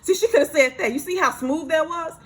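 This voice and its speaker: A woman telling a workplace story in a casual storytime monologue, animated and repeating herself as she acts out what others said. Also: sits high, brisk, poor audio.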